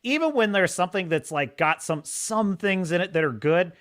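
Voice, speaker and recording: A man's voice: sits high, lively intonation, normal speed, fairly bright tone. A man hosting a podcast, giving opinionated casual commentary in a mocking way and laughing often. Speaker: podcast host.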